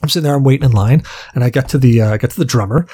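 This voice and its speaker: A man's voice: mid-range voice, rapid-fire, warm tone, husky. A man co-hosting a podcast, telling a long, rambling story in casual chat with plenty of swearing. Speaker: podcast co-host.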